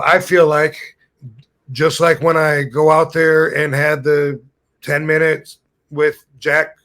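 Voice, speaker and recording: His voice is fairly high in pitch and fairly bright. The man, a podcast host in his fifties, spins a long, rambling tale in a casual way, frequently losing track and chuckling at his own stories.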